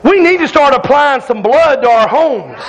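Preacher guy, real high voice, hollering at the church, crowd noise all around. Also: expressive, moderate pace, low-quality recording. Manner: loud, hollering Southern-style preaching with call-outs to the congregation. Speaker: pastor. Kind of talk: fiery sermon. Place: church sanctuary with congregation.

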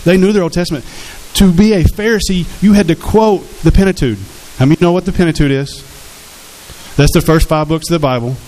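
A man's voice: on the high side, brisk, a little mellow, poor audio. A man preaching a sermon as pastor, in a conversational way, often asking the congregation questions. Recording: faint hiss in the background.

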